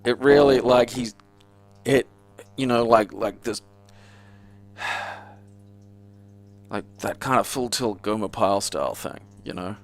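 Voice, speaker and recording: A man's voice: on the low side, unhurried, long pauses. An Australian man streaming a game and chatting casually, rambling and profane with a sardonic edge. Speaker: gaming streamer. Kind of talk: casual gameplay commentary.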